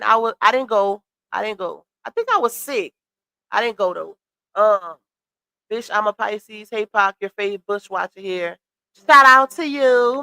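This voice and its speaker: A woman's voice: a little high, sharp tone, no echo. Congested woman sassily commenting on a stream. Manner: sassy, chatty, greets chat viewers. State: congested with a cold. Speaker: live stream host. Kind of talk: casual commentary live stream.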